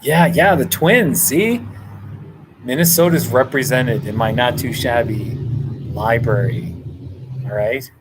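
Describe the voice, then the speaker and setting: A man's voice: medium pitch, slow, long pauses, a little hiss or hum, rough recording. A man hosting a casual livestream from a hotel room, reading viewer comments, thanking people by name and laughing often. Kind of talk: casual live chat.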